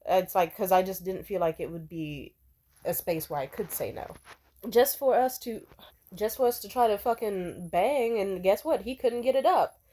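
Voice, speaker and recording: A young adult woman speaks straight to camera in a candid, rambling way, full of fillers and frank profanity. Her voice is warm and mellow, set at an ordinary middle pitch. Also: animated, normal speed. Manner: blunt, profane, conversational with many fillers. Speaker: vlogger. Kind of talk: candid personal storytelling.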